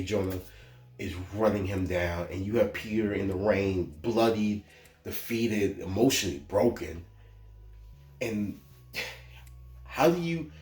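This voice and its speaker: Excitable man reviewing a movie. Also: lowish voice, reverberant. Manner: excitable, swinging from hype shouts to somber hush.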